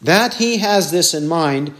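A man's voice: a little high, expressive, takes it slowly, a bit bright. A man preaching an expository sermon, repeating verse references and asking rhetorical questions.

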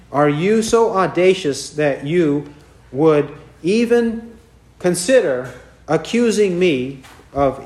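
A man preaching a sermon as pastor, reading scripture slowly and deliberately with pauses. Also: on the high side, reverberant.

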